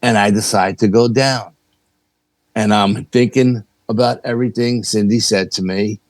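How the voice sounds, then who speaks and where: A paranormal investigator from New York, appearing as a podcast guest, casually tells a story and animatedly acts out its dialogue. His voice is lowish, his pace moderate, and there's no room sound.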